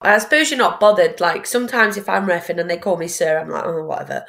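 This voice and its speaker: A woman hosting a podcast, asking questions in a relaxed, conversational way. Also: mid-range voice, fast talker. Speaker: podcast host. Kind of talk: casual chat.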